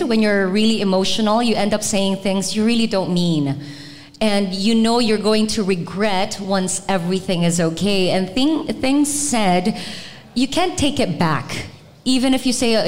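A Filipino woman co-hosting a podcast at a live show, speaking candidly and thoughtfully and mixing Tagalog words into her English. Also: medium pitch. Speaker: podcast co-host. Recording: long reverb of a live venue.

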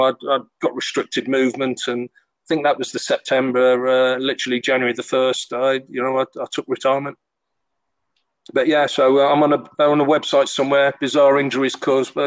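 A man's voice: mid-range voice, little pitch movement, a little fast, no room sound, rough recording. A middle-aged man, a former goalkeeper, telling stories casually with lots of fillers and restarts. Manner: rambling, full of fillers and restarts. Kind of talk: casual storytelling.

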